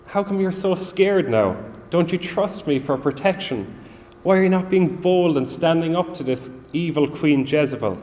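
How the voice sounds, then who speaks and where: A man's voice: a little high, lively intonation, moderate pace, darkish tone, voice pushed up, close to an everyday voice. A man voicing God in a sermon, asking pointed, rebuking questions. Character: God rebuking a frightened prophet, stern male voice. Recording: long reverb of a large hall.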